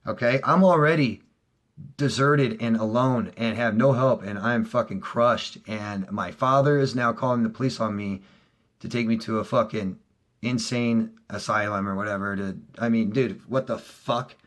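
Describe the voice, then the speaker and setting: The middle-aged relationship coach talks directly to viewers at a moderate pace, casually and with heat and swearing. He moves between loud outbursts and subdued, quiet stretches.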